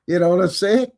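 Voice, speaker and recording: A man's voice: high voice, creaky, a little mellow. A Canadian man hosting a live stream in a folksy, jokey, casual way. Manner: folksy, jokey, greets viewers by name. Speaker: host.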